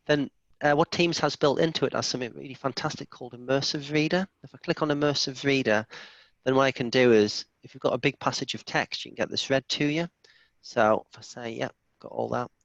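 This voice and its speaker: A man presenting a software demo in a live online session, enthusiastic and chatty, often restarting his sentences. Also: medium pitch, dry recording. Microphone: video call. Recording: dull lo-fi video call audio.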